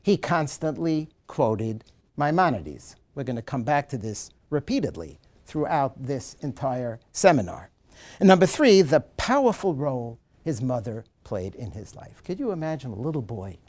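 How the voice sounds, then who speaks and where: A man lecturing in a seminar, reading a passage aloud with dramatic, animated delivery and then explaining it. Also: mid-range voice, a little slow.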